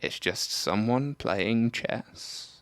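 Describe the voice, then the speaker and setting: A man's voice: on the low side, animated, very slow, fairly bright tone, clear, resonant tone, no echo. A man from South Africa co-hosting a casual chat, offering dry, skeptical asides. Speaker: podcast co-host.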